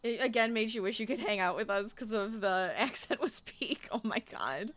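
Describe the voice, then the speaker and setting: A woman's voice: on the high side, expressive, normal speed, fairly bright tone. A young adult woman streaming a game, chatting casually with her viewers and getting exasperated as she plays. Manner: chatty, talks to chat, gets exasperated. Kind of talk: casual gameplay livestream chat.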